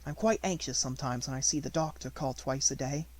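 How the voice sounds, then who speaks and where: A man's voice: medium pitch, fairly quick, lightly acted. A man voicing a composed, imaginative young girl who speaks grandly and politely, in an audiobook reading. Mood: gentle.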